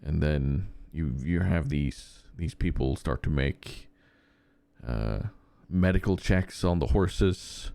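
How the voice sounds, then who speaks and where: Deep-voiced man telling rambling anecdotes. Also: slow pace, vocal fry, dark tone, no echo. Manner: rambling anecdotes with frequent fillers and restarts. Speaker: podcast co-host. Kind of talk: casual chat.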